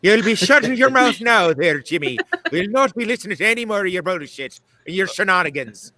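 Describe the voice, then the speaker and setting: A man's voice: high voice, animated, brisk, bright, forceful tone, no echo, voice pushed up. A man voicing a strict older Irish nun who scolds a schoolboy in an Irish accent. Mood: scolding.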